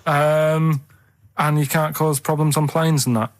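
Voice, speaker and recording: A man's voice: a little high, no echo. Man rambling through a radio story. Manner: rambling storyteller, halting and flat. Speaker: radio show regular. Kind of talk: casual radio banter. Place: radio studio.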